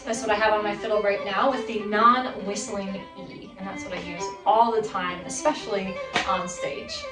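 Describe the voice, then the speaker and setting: A woman in her thirties gives an instructional fiddle video lesson, upbeat and encouraging, counting the student in before she plays. Her voice is a little high and a bit bright. The sound is roomy and distant, with her violin playing between phrases.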